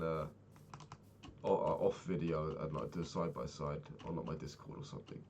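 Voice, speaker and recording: A young man chatting casually while playing a game, rambling and swearing, sounding low and sad. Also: brisk, creaky, a little mellow, slight background noise. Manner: swears often, rambling and candid. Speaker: Minecraft vlogger.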